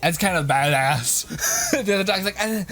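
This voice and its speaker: A man's voice: a little high, normal speed, a bit bright, soft background music. A young man hosting, giving casual, rambling reaction commentary with frequent laughter and plenty of swearing. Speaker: host reacting to videos.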